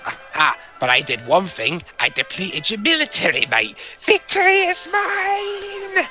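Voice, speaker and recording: A man's voice: mid-range voice, big pitch swings, moderate pace, bright, forceful tone, faint music behind, voice pushed down. A man putting on a blustering brutish general. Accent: put-on Scottish. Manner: bellowing, boastful, swears. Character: blustering brutish male army general, sore loser.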